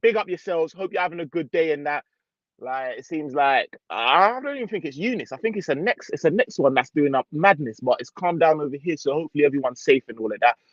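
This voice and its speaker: A young man hosts a relaxed live football stream, chatting in slang and reading viewer comments aloud. His voice sits a little high. The sound is dry and slightly muffled, like a lo-fi home mic. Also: fast, dry recording. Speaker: football channel host. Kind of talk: casual live stream chat.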